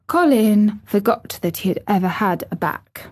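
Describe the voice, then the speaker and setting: A woman reading a classic novel aloud as an audiobook narrator, with measured, expressive storytelling. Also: mid-range voice, husky.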